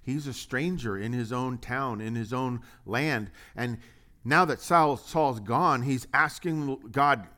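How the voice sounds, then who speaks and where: A male pastor delivers a sermon with a lively, mid-range voice. He keeps firing rhetorical questions at the congregation and slips in light humor between points. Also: medium pitch, slow.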